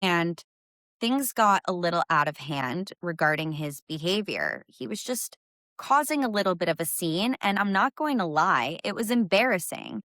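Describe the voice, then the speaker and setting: Candid young woman, low dry voice. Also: sing-song, normal speed, fairly bright tone, no room sound. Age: young adult. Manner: candid, conversational, fillers like "like". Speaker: podcast host. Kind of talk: personal storytelling.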